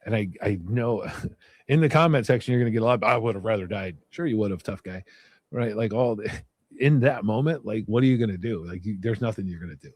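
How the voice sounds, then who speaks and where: A man with a low, husky voice tells a violent memory in a candid, matter-of-fact way. The sound is dry and close, with no room around it. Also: lively intonation, a little fast, darkish tone, dry recording. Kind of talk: casual storytelling.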